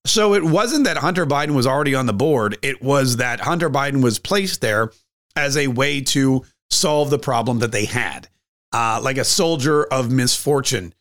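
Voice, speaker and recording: A man's voice: mid-range voice, lively intonation, moderate pace, fairly bright tone. A man hosting a podcast, giving a sarcastic, conversational political commentary monologue. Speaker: podcast host.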